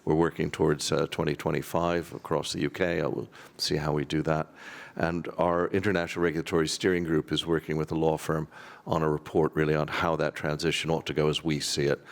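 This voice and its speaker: A man's voice: rumbling low, level tone, brisk, vocal fry. A man speaking on a conference panel, rambling and wry with dry self-deprecating jokes.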